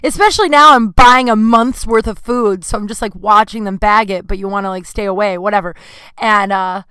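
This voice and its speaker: Woman podcaster just rambling, super candid, bright clear voice, dry sound. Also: medium pitch, fairly even intonation, brisk, no echo. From California. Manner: rambling and candid, with fillers and bursts of exasperation. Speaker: podcast host. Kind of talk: casual solo podcast monologue.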